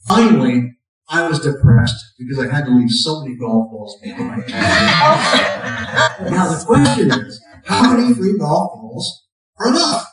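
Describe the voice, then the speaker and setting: A man's voice: a little high, very animated, normal speed, faint music behind. A man preaching a sermon, telling stories with folksy, self-mocking humor and pushing up his voice on the punch lines. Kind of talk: sermon with storytelling. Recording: very echoey, from a distant mic.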